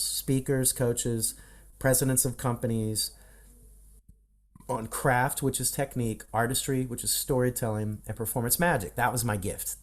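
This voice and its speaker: A man from the Midwestern United States, a voice coach and podcast guest, telling stories in a casual interview and acting out the voices in them, recorded over a video call. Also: mid-range voice. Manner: animated storyteller who acts out quoted dialogue.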